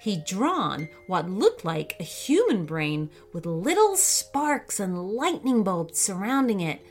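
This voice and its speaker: Expressive woman reading a children's story. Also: mid-range voice, soft background music. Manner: expressive, unhurried.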